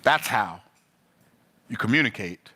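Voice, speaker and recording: A man delivers a sermon in a bright, ringing voice. His delivery rises and falls, and he keeps asking the listener questions. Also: expressive, unhurried, breathy edge. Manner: rhythmic preaching, rising and falling in pitch. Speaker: preacher.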